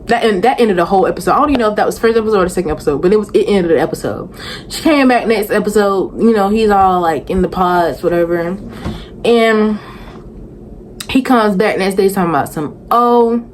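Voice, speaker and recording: A woman's voice: medium pitch, fast talker, a little mellow, a little hiss or hum. A young woman, recapping a reality show in a sassy, rambling, exasperated vlog to camera. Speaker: vlogger reviewing a reality show. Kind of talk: casual chatty recap.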